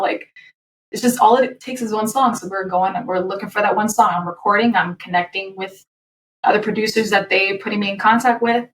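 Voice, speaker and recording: A woman's voice: medium pitch, recorded from a distance, a little hiss or hum. Woman singer telling her story, roomy sound. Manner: animated, quick, with laughs and restarts. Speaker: guest, singer. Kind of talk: candid personal storytelling.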